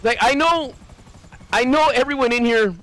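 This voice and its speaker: A man talking casually to his live-stream chat while gaming, animated and ranting, swearing freely. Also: very high voice, normal speed, rough recording.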